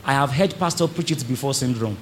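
A man's voice: mid-range voice, a little fast, slight background noise. A man preaching a sermon to a congregation, acting out churchgoers and calling on the audience to respond. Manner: animated preaching, acts out congregants, calls on the audience. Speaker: pastor. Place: church service before a congregation.

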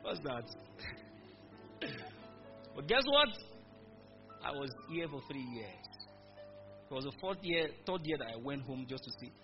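In a measured, sing-song delivery with frequent pauses, a mid-range-voiced pastor preaches to his church, having the congregation repeat his words in emphatic call-and-response. The audio is dull, with background music.

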